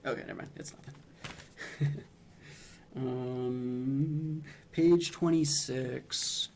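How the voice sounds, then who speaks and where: A man's voice: medium pitch, steady tone, extremely slow, darkish tone. A young man streaming, casually analyzing game humor in a hesitant way, with frequent ums and restarts.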